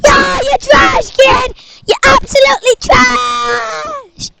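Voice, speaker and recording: Brief: woman voicing a teenage boy gamer, shrill and brash, trash-talking nonstop. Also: slow, creaky, very noisy, heavily acted. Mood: taunting shout. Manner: yelling insults.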